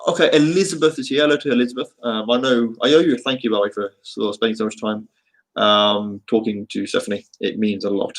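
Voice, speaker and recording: A man's voice: on the low side, fairly even intonation, quick pace, rough recording. A man with a Birmingham accent chatting casually to his live-stream viewers, rambling and joking with many fillers. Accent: Birmingham English. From England.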